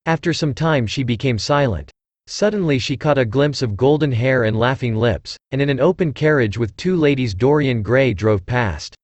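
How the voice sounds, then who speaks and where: A synthesized male voice narrating an audiobook in a measured reading style. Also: medium pitch, no echo.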